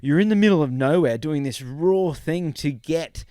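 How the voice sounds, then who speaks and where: A middle-aged Australian man in easy podcast talk, slightly high for a man and lively in his telling. His voice sits close and dry, with no room around it. He slips into quoted voices as he goes. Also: normal speed, clear, resonant tone, no room sound. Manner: animated storyteller, acts out quotes. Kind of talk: casual podcast conversation.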